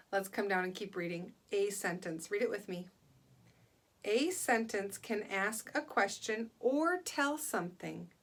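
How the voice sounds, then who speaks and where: Slow, patient woman teaching young kids. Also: medium pitch, a bit bright. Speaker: second grade teacher. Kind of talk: online classroom lesson.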